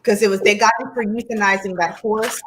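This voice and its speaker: A woman's voice: mid-range voice, steady tone, brisk, a little hiss or hum, low-quality recording. An American woman co-hosting a casual chat, rambling through stories with many ums and asides. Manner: chatty, many ums,喜 tangents. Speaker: co-host.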